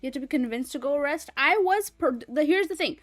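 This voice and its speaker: A woman's voice: sits high, expressive, fairly quick, no room sound, faint music behind. A woman streamer in casual livestream chat, rambling and chatty and swearing freely.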